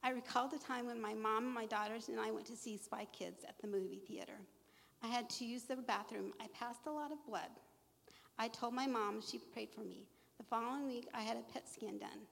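A woman's voice: fairly high pitch, fairly quick, gravelly, fairly bright tone. A middle-aged woman sharing her faith testimony, earnest and emotional, quoting scripture to a live audience. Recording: long echo of a large hall.

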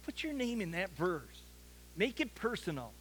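A man's voice: sits high, very animated, moderate pace, fairly bright tone, a little hiss or hum. A man preaching a sermon, telling stories earnestly and often stumbling over restarts as he talks. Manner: earnest storytelling with frequent stammered restarts. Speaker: pastor.

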